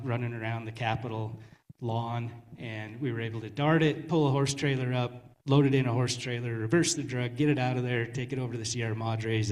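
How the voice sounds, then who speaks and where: A man tells a story plainly and modestly, giving the credit to others. His pitch is in the middle range. The sound has a long reverb that trails through a large hall. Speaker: panelist. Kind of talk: storytelling at a panel.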